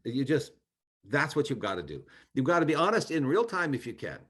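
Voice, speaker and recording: A man's voice: mid-range voice, big pitch swings, fairly quick, fairly bright tone, slightly rough. A man, a former congressman, speaking in an online training talk, giving earnest advice with frequent restarts.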